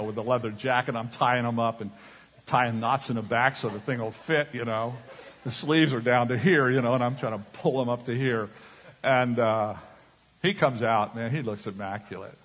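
Husky storytelling preacher man. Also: medium pitch. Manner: animated, acts out voices in anecdotes. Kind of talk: storytelling sermon. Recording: reverberant hall.

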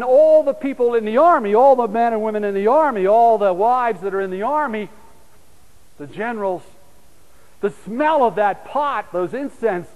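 A man preaching a sermon and telling stories, his voice swinging from loud, urgent calls to hushed, soft asides. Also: extremely high pitch, long reverb tail, rough recording.

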